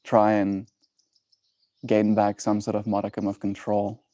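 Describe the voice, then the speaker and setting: A man hosting a livestream, chatting with viewers and musing slowly and gently about emotions. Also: on the low side, completely flat delivery, no room sound. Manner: gentle, musing, thoughtful pauses. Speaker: livestream host. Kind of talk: reflective livestream chat.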